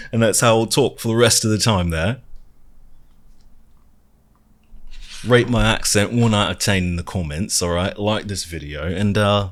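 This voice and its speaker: A man's voice: low voice, full character voice. A man putting on a hammy mock British-style accent. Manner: playful, exaggerated, excited.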